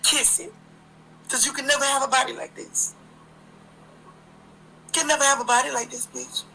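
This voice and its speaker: High, bright-voiced woman ranting. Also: slight background noise, low-quality recording. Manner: profane, confrontational, repetitive. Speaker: livestream host. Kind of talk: heated livestream rant.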